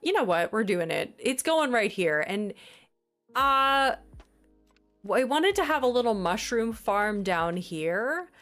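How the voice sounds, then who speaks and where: A woman's voice: on the high side, very animated, slow pace, fairly bright tone, soft background music. A woman streamer chatting casually on a livestream, flustered, exasperated and apologetic.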